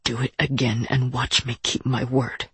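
A storyteller voicing a fierce, stern woman leading a caravan, speaking low and firm in a breathy voice. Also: moderate pace, no room sound, exaggerated voice. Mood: threatening.

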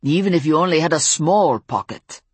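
A woman voicing a grumpy older male mechanic with a German accent, growling and muttering slowly. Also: deep voice, expressive, slightly rough, dry recording. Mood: grumbling. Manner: growling, muttering, slow and surly.

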